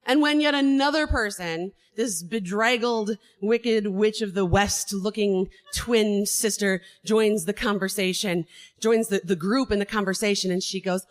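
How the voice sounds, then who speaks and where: A woman telling a true personal story to an audience, animated, laughing and swearing as she goes. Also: mid-range voice, measured pace.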